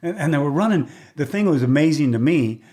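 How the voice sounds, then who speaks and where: A man's voice: a little high, a little fast. Older man telling stories casually. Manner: lively storyteller who acts out quoted dialogue; chatty, with restarts and throat clearing. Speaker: guest, race announcer. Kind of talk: casual conversational storytelling.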